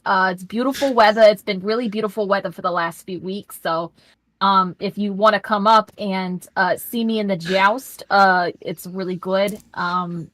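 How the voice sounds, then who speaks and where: A woman from the New York area chats casually in a deliberately broad New York accent. She hams it up playfully. Her pitch sits mid-range for a woman, and the sound is dry and close. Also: a bit bright, no room sound. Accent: put-on thick New York. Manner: playful, hamming it up. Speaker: player and Renaissance fair jouster. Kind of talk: casual chat.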